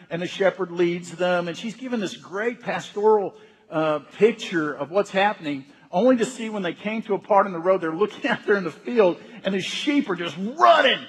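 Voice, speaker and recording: A man with a high, husky voice delivers an emphatic Sunday sermon, repeating words to build each point. His voice echoes with a long reverb through a church sanctuary. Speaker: senior pastor.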